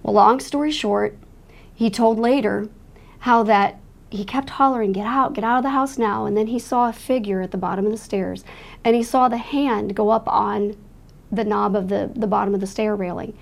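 A woman with a creaky mid-range voice and a steady tone talks at normal speed about a frightening night she lived through. Her retelling is earnest and emotional, shaped by her religious faith as a testimony.

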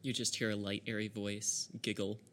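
A man with a lowish, bright, forceful voice narrates a tabletop game as game master. He sets the scene in an easygoing way, chuckling often and pausing on fillers. Faint noise sits under his voice. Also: little pitch movement.

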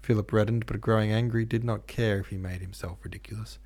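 A male podcast host reads a classic novel aloud. His narration is steady and measured. The voice is low, dark and a little husky. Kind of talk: audiobook narration.

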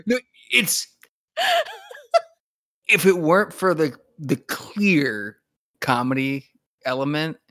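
A man chats about a TV episode in a loose way, restarting sentences and laughing between thoughts. His voice sits higher than most men's. The sound is dry and close. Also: lively intonation, slow pace, pauses often, fairly bright tone, dry recording. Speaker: podcast co-host. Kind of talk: casual chat.

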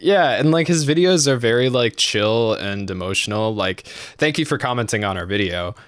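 A man's voice: medium pitch, lively intonation, normal speed, clean tone, no echo. A man co-hosting a casual podcast, loose and chatty, swearing freely and restarting sentences often. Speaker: podcast co-host.

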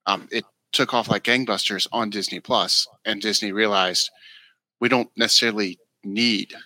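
Low, bright-toned joking man. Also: steady tone, moderate pace, no echo, rough recording. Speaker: podcast co-host. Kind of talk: casual chat.

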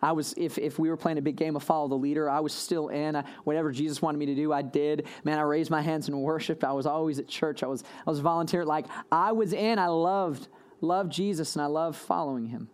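A man's voice: a little high, fairly even intonation, brisk, smooth. A young adult man preaching a sermon in a casual, storytelling way. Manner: storytelling, acts out dialogue. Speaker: pastor.

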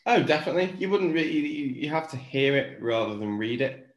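A man's voice: a little high, animated, a little fast, muffled recording. Wirral man in a roomy echo. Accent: Wirral, Merseyside. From England. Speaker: podcast co-host. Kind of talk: casual chat.

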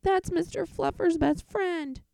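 A woman voicing a dramatic little boy who pleads in a high, theatrical voice. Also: a little slow, creaky, dark tone, no echo, full character voice. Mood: outraged.

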